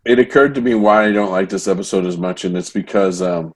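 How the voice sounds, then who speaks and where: A man's voice: deep voice, fairly quick. A man, a pastor, co-hosting a podcast about a TV show, talking casually in a wry, joking way with mocking asides. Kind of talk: casual discussion of a TV episode.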